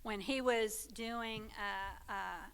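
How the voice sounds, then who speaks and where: Woman, church teaching talk, conversational, smooth clear voice. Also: mid-range voice, fairly even intonation, extremely slow, fairly bright tone. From Texas. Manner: conversational, checks in with listeners. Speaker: Sunday school teacher.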